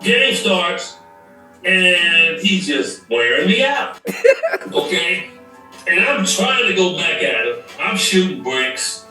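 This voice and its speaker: A man with a high, bright, animated voice tells a story, laughing often. The clip is very echoey and distant, with faint music underneath. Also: slow. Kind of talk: storytelling anecdote.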